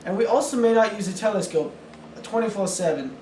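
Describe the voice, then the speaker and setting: Young man playing an earnest astronomer, stumbling speech, high-pitched, distant echoey room. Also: lively intonation, a little fast, darkish tone, a little hiss or hum. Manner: earnest, stumbling over words. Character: pompous British male astronomer being interviewed. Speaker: interviewee in a school project skit. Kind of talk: amateur skit acting.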